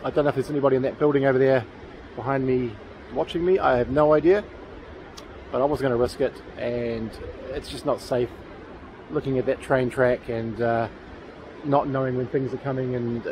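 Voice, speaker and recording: A man's voice: mid-range voice, fairly even intonation, fast talker, noisy background. A man with a New Zealand accent, vlogging outdoors near a railway tunnel in a chatty, enthusiastic, rambling way, with plenty of fillers. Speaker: paranormal vlogger. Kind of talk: casual outdoor vlog.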